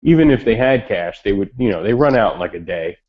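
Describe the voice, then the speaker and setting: A man's voice: lowish voice, fast. Profane storytelling man on voice chat. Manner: animated storyteller, swears freely. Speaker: chat participant. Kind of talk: casual chat. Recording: lo-fi online voice chat.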